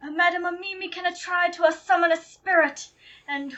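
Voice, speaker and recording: A woman's voice: extremely high pitch, steady tone, pushed and bright, dull audio. A woman voicing a theatrical old psychic medium in an improvised comedy bit. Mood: mystical. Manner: hammy, slow, mystical pronouncements.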